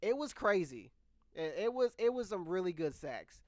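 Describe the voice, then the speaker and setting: A man's voice: high-pitched, sing-song, normal speed, darkish tone, no echo. Candid young man telling a rambling story. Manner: candid, rambling, with frequent restarts. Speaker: vlogger. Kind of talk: casual storytelling. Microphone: microphone close by.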